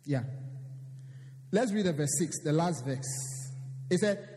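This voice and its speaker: A man's voice: a little high, expressive, unhurried, mellow, in a large hall. A man preaching a sermon, reading scripture aloud and repeating lines for emphasis.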